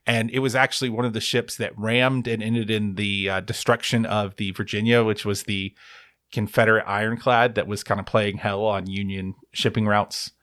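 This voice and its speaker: A man's voice: lowish voice, flat delivery, moderate pace, fairly bright tone, no echo, studio quality. A man co-hosting a sports podcast, chatting in a wry, rambling way and often correcting himself. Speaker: podcast co-host. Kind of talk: casual sports chat.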